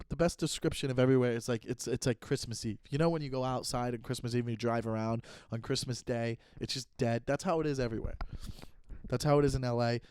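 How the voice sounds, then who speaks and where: Mid-range and slightly mellow, this comedy podcaster's solo rant is full of swearing and rapid restarts. A phone aimed at him in his closed-door bedroom captures it, though the audio is dry and clean like a studio.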